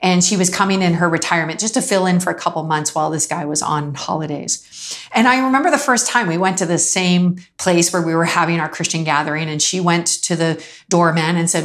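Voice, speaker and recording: A woman delivers a sermon in a loose, conversational storytelling style. Her voice sits a little low, and she jumps up in pitch to act out the people in her anecdotes. She laughs lightly as she goes. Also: normal speed. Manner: animated storytelling, acts out quoted voices, laughs often. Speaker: preacher.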